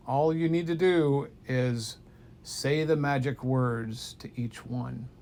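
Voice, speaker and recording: A man's voice: mid-range voice, takes it slowly, darkish tone, slight background noise. A man voicing an eccentric male wizard teacher who speaks in a dry, matter-of-fact way in a spoken bedtime story. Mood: calm.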